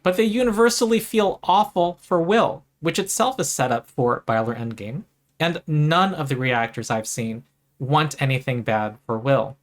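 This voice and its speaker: A man narrating a scripted video essay, making a measured, earnest case to fellow fans. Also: on the high side.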